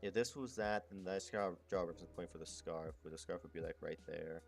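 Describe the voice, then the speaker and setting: A man's voice: deep voice, flat delivery, brisk, vocal fry, faint music behind. A man chatting casually to his stream as he draws, rambling, muttering and swearing. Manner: rambling, muttering to himself, crude slang. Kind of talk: casual chat while drawing.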